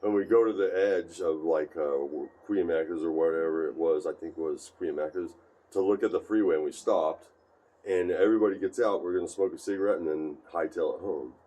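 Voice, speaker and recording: A man telling rambling stories at home in a casual chat, jumping into higher voices when he quotes his friends. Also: fairly quick, dark tone.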